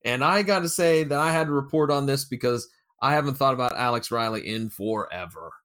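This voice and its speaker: A man hosting a casual podcast, chatting about wrestling news and jumping between loud and quiet remarks. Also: mid-range voice, brisk. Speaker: podcast host.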